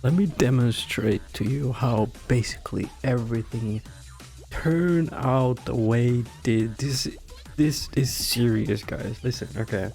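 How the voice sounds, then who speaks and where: A man rambling through game lore in an irreverent, profane comedic rant, full of giggly asides. His voice sits at a middling pitch, with faint music in the background. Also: unhurried, gravelly, a little mellow. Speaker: video creator.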